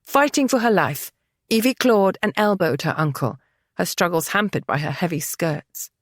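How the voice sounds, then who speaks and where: A woman narrating a historical romance novel in a steady, dramatic storytelling manner. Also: on the low side, moderate pace, no echo, clean studio sound. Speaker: audiobook narrator. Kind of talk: scripted narration.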